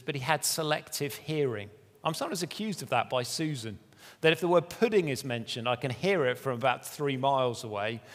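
Earnest preacher in a reverberant hall. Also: male voice, mid-range voice, fairly bright tone. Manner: conversational, earnest storytelling with self-deprecating asides. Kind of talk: sermon.

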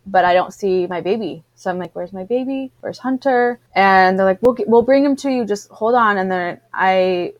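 Brief: woman storyteller, lively, quotes others, dry close mic. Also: mid-range voice, moderate pace, hardly any pauses, no room sound, muffled recording. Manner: animated storyteller, acts out what others said. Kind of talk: casual chat, personal birth story.

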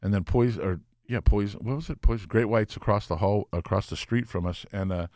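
Guest, 50s man: low, profane, relaxed storyteller, dry recording. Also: fairly quick, dry recording. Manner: profane, laid-back storyteller. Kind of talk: casual storytelling chat.

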